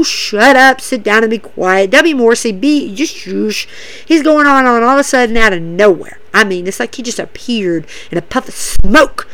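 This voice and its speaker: A woman hosting a casual wrestling recap, gushing and excitable, talking straight to her listeners. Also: a little high, clear, resonant tone.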